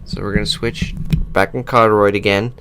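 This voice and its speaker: A man's voice: fairly low pitch, flat delivery, a little fast, pushed and bright, slight background noise. A man hosting a gaming channel, casually reviewing his new USB desk microphone in his computer room, rambling and restarting sentences as he switches settings. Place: home computer room with whirring fans. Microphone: USB desk microphone, switching pickup patterns.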